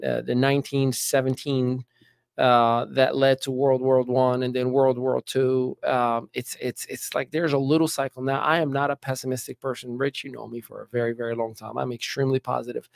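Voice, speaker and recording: A middle-aged American man guests on a podcast, chatting emphatically and casually about politics, often repeating words as he begins sentences. His voice is medium-pitched and gravelly, recorded with clean studio sound and no room echo.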